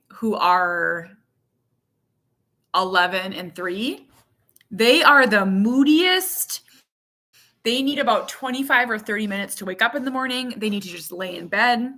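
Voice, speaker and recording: A woman's voice: medium pitch, pushed and bright. A woman in her thirties talking casually to camera as a mother and vlogger, frank and self-mocking, with lots of fillers. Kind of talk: casual candid chat to camera.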